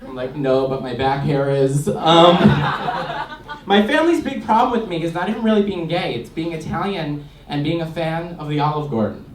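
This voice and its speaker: A man delivers brash, punchy stand-up in a slightly high voice. He is recorded from a distance in a roomy comedy club. Clear background noise runs under his voice. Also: expressive, brisk. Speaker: stand-up comic.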